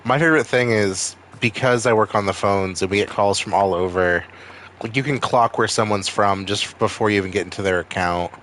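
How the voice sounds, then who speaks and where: A young man from Maine with a Maine accent talks through a game stream in a lowish voice. He rambles and swears freely between wisecracks. A faint hiss sits under his voice. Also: brisk, fairly bright tone. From Maine, USA. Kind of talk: casual gaming stream chat.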